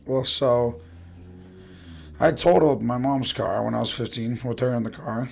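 Young New man, casual podcast co-host, relaxed rambler who swears easily, mid-range voice. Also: mid-range voice, moderate pace, gravelly. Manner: laid-back, rambling, swears casually, trails off. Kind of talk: casual chat.

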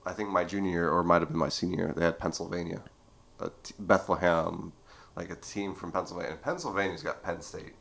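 A young man in his twenties speaks in a very low voice. He talks in relaxed conversation as a podcast guest, telling stories with lots of filler words. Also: fast, vocal fry. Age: 20s. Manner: lively storyteller, heavy filler "like". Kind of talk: casual chat.

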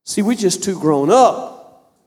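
Fervent high-voiced preacher in his fifties. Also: lively intonation, slow, a little mellow, in a large hall. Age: 50s. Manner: fervent, repetitive preaching with stammered restarts. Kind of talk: sermon.

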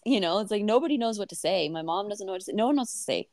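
A woman's voice: mid-range voice, animated, racing, a little mellow, dry recording, clean studio sound. A woman in her thirties telling a personal story on a podcast, candid and emotional, with many fillers and restarts. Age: 30s. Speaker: podcast host.

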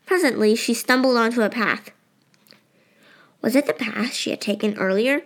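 A woman reads a novel aloud as an audiobook narrator. Her voice is fairly high, and she tells the story in a steady, expressive way. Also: normal speed. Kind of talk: scripted narration.

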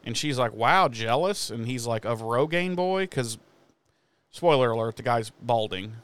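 A man's voice: medium pitch, a little slow, clean tone. A man casually recapping a TV episode, swearing freely and acting out the characters' lines. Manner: animated, swears a lot, acts out characters' lines. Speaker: podcast co-host recapping an episode. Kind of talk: casual profane recap chat.

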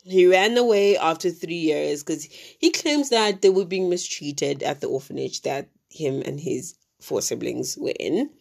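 A woman's voice: deep voice, expressive, unhurried, creaky. A woman from Africa, casually retelling a true crime story with many fillers and asides.

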